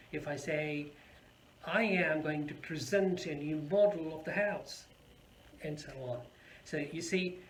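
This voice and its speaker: A man gives a pronunciation lesson in a slightly higher voice, saying each word slowly and stressing it with care. He sounds like he is in an echoey room with a faint hum behind him. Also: a bit bright. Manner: explains slowly, repeats words with careful stress. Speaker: English teacher.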